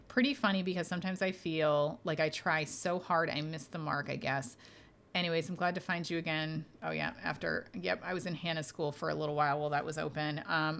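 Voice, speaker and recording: Fairly low in pitch and moderately paced, this woman's voice has a fairly bright tone. She's a medium hosting a laid-back podcast, reassuring listeners as she answers their questions, with frequent fillers and light laughter.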